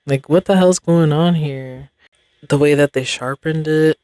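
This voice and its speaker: A woman's voice: low voice, unhurried, dark tone, no echo, studio quality. A young adult woman hosting a podcast, rambling in casual chat with slang and frequent laughs. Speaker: podcast host.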